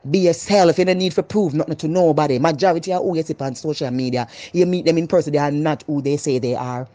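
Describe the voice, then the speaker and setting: Jamaican woman vlogger, loud, animated and emphatic, dry close sound. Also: deep voice, a little fast, few pauses, dry recording. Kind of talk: casual opinionated monologue.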